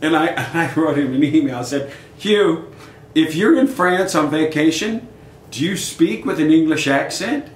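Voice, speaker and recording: Animated older man telling stories. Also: on the high side, measured pace. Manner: animated storyteller acting out quoted dialogue. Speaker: guest musician. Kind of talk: casual storytelling interview. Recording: echoey room with faint noise.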